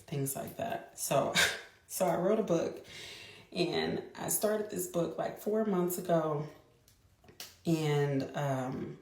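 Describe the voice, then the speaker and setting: A woman's voice: low-pitched, darkish tone. A woman in her thirties telling a personal story to the camera in a chatty way, speeding up in bursts and restarting her sentences. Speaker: mother. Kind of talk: casual storytelling vlog. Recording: echoey room.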